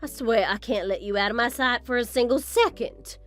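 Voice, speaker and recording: Lightly acted and a little fast, a woman's fairly high voice plays a scornful, vain mother-in-law in a scripted drama. The older character is haughty, and the delivery is theatrical, condescending and boastful.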